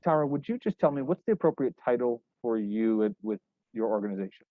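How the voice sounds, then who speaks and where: A young man working as a news reporter, asking questions in a casual, halting way with many restarts. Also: medium pitch, animated, no room sound. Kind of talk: casual interview. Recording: dry, tinny phone-like line.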